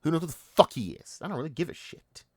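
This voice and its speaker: A man's voice: on the high side, very animated, fast talker, no room sound. A man hosting a commentary channel, ranting in a profane, mocking and exasperated way.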